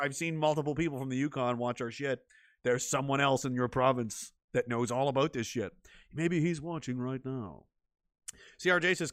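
A man's voice: mid-range voice, fairly bright tone, no room sound, studio quality. A man hosting a podcast, ranting casually with sarcastic, profane humor and mock-dramatic narration. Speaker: podcast host. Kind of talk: casual livestream rant.

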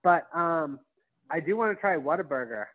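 A man's voice: on the high side, animated, normal speed, no room sound, phone-quality sound. A man from Wisconsin co-hosting a podcast, joking around in casual, chatty talk. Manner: jokey, chatty. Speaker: podcast co-host. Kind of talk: casual chat.

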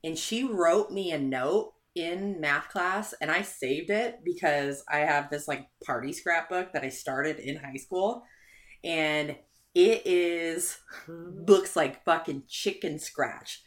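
A young woman telling a story in casual chat, animated, swearing and laughing often. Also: sits low, slow.

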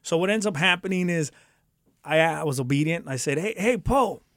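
A man's voice: a little high, fairly quick, no echo, studio quality. A man casually telling his life story, acting out the voices of the people in it and laughing often. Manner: animated, acts out voices in quotes, laughs often. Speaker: guest telling his testimony.

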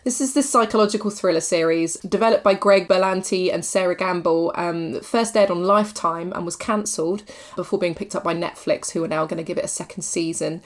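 A woman's voice: lowish voice, fairly even intonation, brisk. A woman co-hosting a casual chat about films and TV, rambling with lots of fillers. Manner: chatty, rambling, full of fillers. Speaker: podcast co-host. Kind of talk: casual film and TV review chat.

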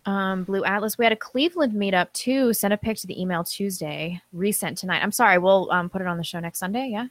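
A woman's voice: mid-range voice, a little fast, hardly any pauses, no echo. A woman co-hosting a live-stream talk show, reading viewer comments aloud and chatting casually. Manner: reads superchats aloud, chatty with fillers.

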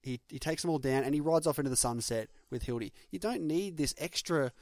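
A man's voice: fairly high pitch, fairly quick, darkish tone, no room sound. Opinionated Australian man in a dry-sounding room. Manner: opinionated, critical, argues his points. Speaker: podcast co-host. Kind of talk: casual film discussion.

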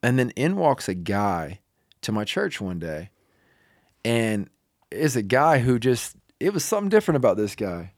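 A man's voice: mid-range voice, very animated, moderate pace, dry recording, clean studio sound. A young male preacher telling a personal story in a loose, casual way with many fillers.

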